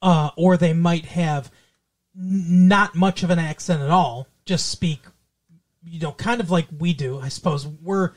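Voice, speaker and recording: A man's voice: a little high, steady tone, unhurried. A man from Minnesota, co-hosting a podcast in casual chat, rambling with many restarts and fillers. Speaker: podcast co-host.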